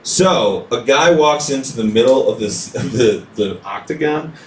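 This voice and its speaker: A man's voice: mid-range voice, expressive, unhurried. A man from a small town doing a stand-up routine, chatty, leaning on "like" and acting out quotes. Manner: chatty, leans on "like", acts out quotes. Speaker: stand-up comedian. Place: comedy club stage. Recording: echoey club room heard from far off.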